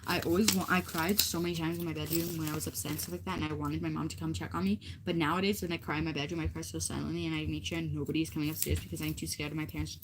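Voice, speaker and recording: A woman's voice: sits low, flat delivery, rapid-fire, hardly any pauses. A teenage girl livestreaming, chatting casually and rambling with lots of fillers. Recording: noisy stream audio.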